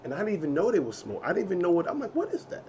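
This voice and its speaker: High voiced guy, pitch jumps all over, does the voices in his stories, light hiss behind. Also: racing, a crowd in the background. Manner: animated, acts out quoted voices. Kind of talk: casual podcast chat.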